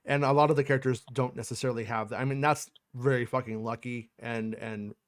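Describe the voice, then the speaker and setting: A man's voice: medium pitch, fairly even intonation, brisk. Rambling, cursing man hosting a stream. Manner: rambling, profane, frequent restarts. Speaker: podcast host. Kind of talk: casual livestream chat.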